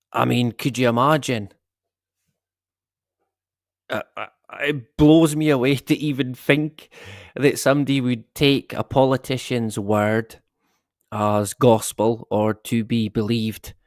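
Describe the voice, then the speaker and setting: A man's voice: mid-range voice, fairly even intonation, takes it slowly, long pauses, darkish tone, no room sound, studio quality. A middle-aged man hosting a casual live stream, rambling and swearing with the odd chuckle. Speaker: livestream host.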